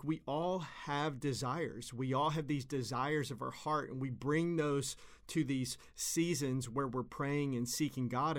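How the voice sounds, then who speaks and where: A pastor in his thirties, speaking at medium pitch, gives an earnest, conversational devotional sermon, repeating phrases for emphasis.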